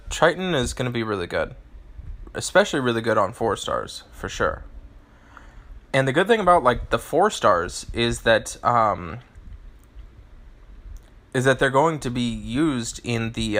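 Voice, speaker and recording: A man's voice: mid-range voice, bright, forceful tone. A man hosting a live game stream, answering chat and reading out game stats in a rambling way, often restarting his phrases.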